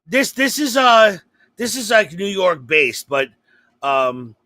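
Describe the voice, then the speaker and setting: High, bright, animated comedian. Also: male voice, slow pace, dry recording. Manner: rambling, profane, animated storytelling. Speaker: comedian co-host. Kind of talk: casual podcast banter.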